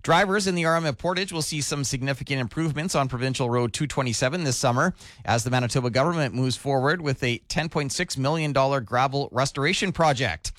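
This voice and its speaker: A male radio news anchor reading a scripted local newscast in a steady, measured delivery. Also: mid-range voice, no echo, studio quality.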